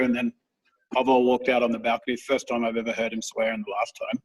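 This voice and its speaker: A man's voice: mid-range voice, level tone, a little fast, far from the mic, low-quality recording. Rambling, swearing man telling stories. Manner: rambling storyteller, swears casually. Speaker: podcast co-host. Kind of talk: casual chat.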